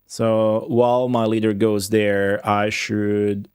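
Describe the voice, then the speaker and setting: A young man streaming a strategy game, talking to viewers in excitable commentary full of swearing. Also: fairly low pitch, takes it slowly, clean tone, no room sound, clean studio sound. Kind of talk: casual gameplay commentary.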